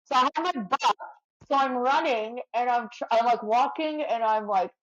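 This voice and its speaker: A woman's voice: on the high side, moderate pace, muffled recording. A woman from Canada, a podcast guest, tells a long story in a chatty way and fills her sentences with "like". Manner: chatty, lots of "like" fillers, vivid retelling. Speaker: podcast guest, firefighter and ultra runner. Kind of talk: animated storytelling in conversation.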